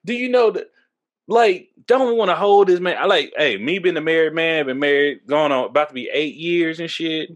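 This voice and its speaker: A man from Texas in his thirties, hosting a podcast, talking politics in a loose, profane way and going high when he gets worked up, a little tipsy from drinking. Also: normal speed, lo-fi sound. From Texas, USA. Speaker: podcast host. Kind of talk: casual political chat.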